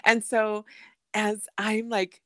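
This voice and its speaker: A woman's voice: takes it slowly, no room sound. A young adult woman co-hosting a podcast, telling stories with lots of laughter, swearing freely and mixing in Spanish phrases. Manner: animated storyteller, bursts into laughter and high squeals. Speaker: podcast co-host. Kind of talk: casual chat.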